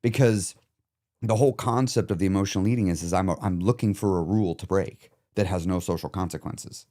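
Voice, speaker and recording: A man's voice: low voice, a little fast, warm tone. A man who coaches clients through emotional eating, talking candidly and reflectively in a casual podcast chat, now and then swearing.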